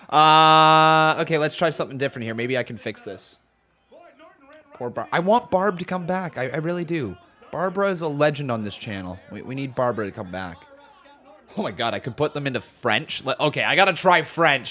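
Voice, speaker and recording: Loud guy streamer doing live reactions, kinda high voice, laughs a lot. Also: normal speed. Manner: loud and excitable, laughs often. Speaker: streamer hosting a watch-along.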